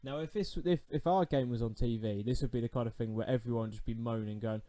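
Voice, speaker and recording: A man talks through his football management game for viewers, nervous and easily excited, with sudden shouts when a goal goes in or a shot hits the bar. His voice is mellow and warm at an ordinary pitch. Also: quick pace, hardly any pauses. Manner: excitable, nervous, breaks into shouts at big moments. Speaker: gaming YouTuber. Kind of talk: let's-play commentary.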